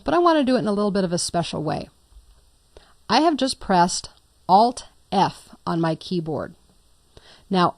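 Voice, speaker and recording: A woman's voice: medium pitch, darkish tone, no echo, studio quality. A woman instructor talking through a computer tutorial step by step, patient and lightly playful. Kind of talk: screen-recorded software tutorial.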